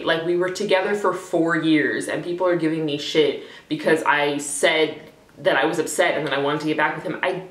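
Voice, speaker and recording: A woman's voice: lowish voice, fairly bright tone. A young woman talking candidly to her camera in a rambling vlog, swearing freely and full of fillers. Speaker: vlogger. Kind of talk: casual talking-head vlog. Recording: echoey room, voice a bit far from the mic.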